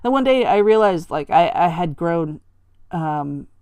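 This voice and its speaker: A woman's voice: on the low side, lively intonation, darkish tone, clear, resonant tone, dry recording. A middle-aged woman hosting a podcast, talking candidly and reflectively about her life, often stopping to restart her sentences. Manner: candid, conversational, halting with restarts; quotes her father in a raised, sweet voice. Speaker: podcast host. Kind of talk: personal reflective monologue.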